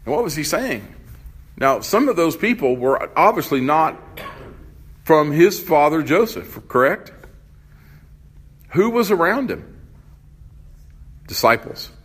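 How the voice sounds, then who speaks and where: A man's voice: on the high side, sing-song, a bit bright, husky. A male pastor preaching a sermon, asking his congregation questions as he goes. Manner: unhurried, asks the congregation questions.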